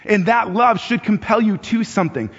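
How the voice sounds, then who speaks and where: A man with a high voice delivers a sermon in a loose, conversational manner, repeating words as he thinks aloud. He lifts his voice when acting out urgent appeals. The recording is dull and muffled, with a long reverb from a large church hall. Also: normal speed, husky. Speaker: pastor.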